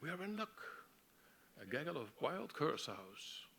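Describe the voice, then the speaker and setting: A man's voice: on the high side, very animated, normal speed, vocal fry, pushed and bright, pitched above the performer's own voice, full character voice. A man voicing a pompous, self-important male doctor who thinks he knows everything. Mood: lofty.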